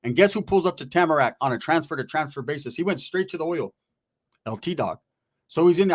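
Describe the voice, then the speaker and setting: Streetwise man telling stories, higher voice. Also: fast. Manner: profane, streetwise, animated, acts out quoted voices. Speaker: guest recounting prison stories. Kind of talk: casual storytelling.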